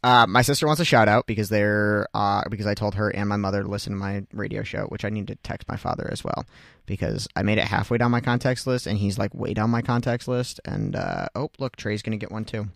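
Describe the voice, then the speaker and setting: A man's voice: fairly low pitch, lively intonation, brisk, gravelly, a bit bright, no echo, studio quality. A young man co-hosting a radio show in casual chat, joking and laughing often. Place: radio studio.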